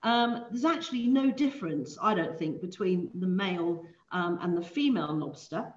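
A woman's voice: fairly low pitch, lively intonation, normal speed. Female cooking presenter, chatty and explanatory, echoey room, dull call audio. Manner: chatty, explanatory, with many ums and self-corrections. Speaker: seafood masterclass presenter. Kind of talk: live online cooking demonstration. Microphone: video call.

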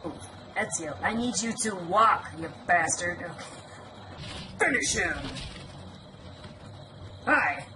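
A woman's voice: fairly low pitch, animated, slow, long pauses. A young woman giving casual, teasing commentary while playing a video game, laughing often. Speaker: gameplay commentator. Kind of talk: let's play commentary. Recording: home recording with clear background noise.

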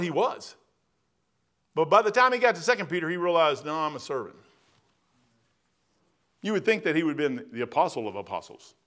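The sermon comes from a male pastor in the sanctuary whose tone is fairly bright and pitched on the higher side. He relates stories plainly and folksily, now and then punching words with extra force.

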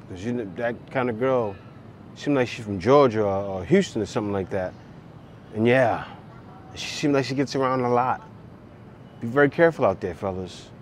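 A man's voice: mid-range voice, a little hiss or hum. A man in his forties hosting, joking and commenting on clips in casual reaction talk. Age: 40s. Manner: joking, laughing, lively asides. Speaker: host reacting to videos.

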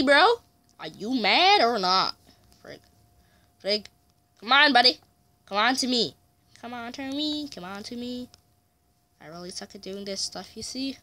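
A man narrating his gameplay in a bright, forceful voice. He chats along, mutters and swears mildly when things go wrong, and taunts opponents with yelled challenges. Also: very high-pitched. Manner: mutters frustration, mild swearing. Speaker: gamer. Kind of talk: let's play commentary.

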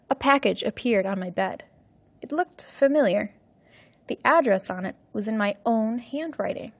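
A woman teacher reading a story aloud for English learners, slowly and carefully. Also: on the high side, expressive, husky, no room sound.

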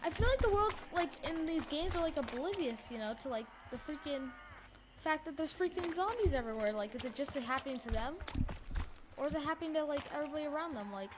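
A high-voiced woman rambling through casual let's-play commentary, excitable and full of "you know"s. The home recording has loud background noise running under her voice. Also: fast talker. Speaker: gaming YouTuber.

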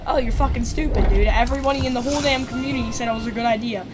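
A woman streaming a live game, ranting profanely in frustration and breaking into sudden shouts. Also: a little high, very fast. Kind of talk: live gameplay commentary. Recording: noisy background.

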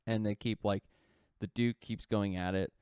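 Male podcast co-host, deep and smooth, loose rambling storyteller, close dry mic. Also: fairly even intonation, moderate pace, a little mellow, no echo. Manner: loose rambling retelling, heavy on "like" fillers. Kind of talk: casual storytelling.

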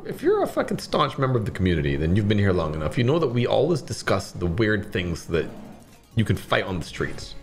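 A young man from Barbados streaming slots, rambling casually with lots of swearing and sudden shouted bursts. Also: lowish voice.

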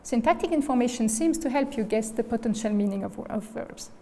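A woman's voice: fairly high pitch, animated, a little fast, mellow. A woman giving an academic lecture as guest speaker. She explains step by step and often checks in with "okay?" and "right?". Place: lecture hall. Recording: reverberant lecture hall.

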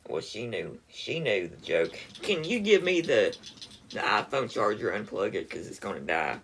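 A man making live-streamed prank calls, earnest and deadpan. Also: fairly low pitch, normal speed, breathy edge. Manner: deadpan, earnest put-on complaints.

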